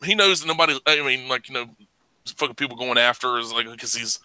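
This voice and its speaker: A man hosting a casual podcast chat, ranting with heavy profanity and bursting into loud laughs. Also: medium pitch, fast, smooth, no echo, poor audio. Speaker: podcast host.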